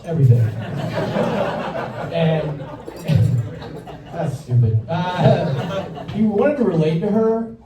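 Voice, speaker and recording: A man's voice: sits high, very slow, long pauses, recorded from a distance, heavy background noise. A young man doing a stand-up comedy set on a club stage, awkward and self-deprecating, with a slight Southern American accent. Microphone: handheld stage mic. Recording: roomy club recording from the audience, dull sound. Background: audience laughter.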